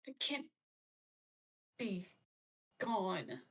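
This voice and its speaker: A woman's voice: medium pitch, very animated, drawn-out words, a bit bright, slightly rough, full character voice. A woman voicing a grieving, furious warrior woman in a tabletop game, her lines clipped and desperate. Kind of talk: playing a character in a tabletop game.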